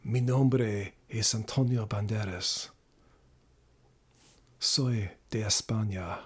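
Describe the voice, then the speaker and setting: A man's voice: on the low side, voice pushed down. A man putting on a suave sultry Spanish charmer. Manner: slow, breathy, rolled Spanish flair.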